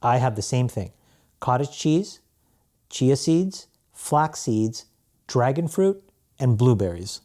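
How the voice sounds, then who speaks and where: A man talking as a guest on a podcast, telling stories in a relaxed way, with restarts and laughs. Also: mid-range voice, slow pace. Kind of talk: casual interview chat.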